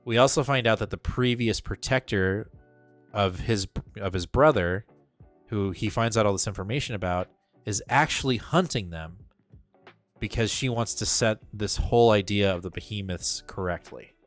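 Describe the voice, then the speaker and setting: Male co-host, lower register, casual and excitable, loose profanity, faint background music. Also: moderate pace. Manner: excitable, swears casually, filler-heavy. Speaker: podcast co-host. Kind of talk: casual comic book review chat.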